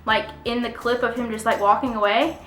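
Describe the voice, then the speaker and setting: A young woman telling a story on her vlog, animated and laughing often, with many "like" fillers. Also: on the high side, brisk, echoey room, soft background music. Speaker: vlogger. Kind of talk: casual storytime.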